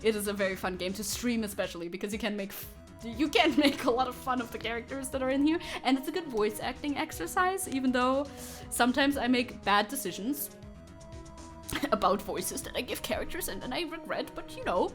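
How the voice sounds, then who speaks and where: A woman's voice: mid-range voice, moderate pace, a bit bright. Woman, streamer, giggly, chatty, casual swearing, faint background music. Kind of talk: casual gameplay chat with viewers.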